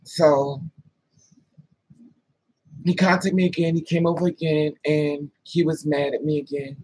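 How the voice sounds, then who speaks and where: A man's voice: a little high, a little slow, slightly rough, no room sound, rough recording. A man telling a personal story in a casual vlog, bluntly and with swearing, acting out what others said. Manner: lively storyteller, blunt and profane, acts out the other voices.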